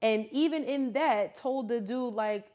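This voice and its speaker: A woman co-hosting a podcast, chatting casually in animated, slangy banter. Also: a little high, unhurried, a crowd in the background. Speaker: podcast co-host. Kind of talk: casual chat.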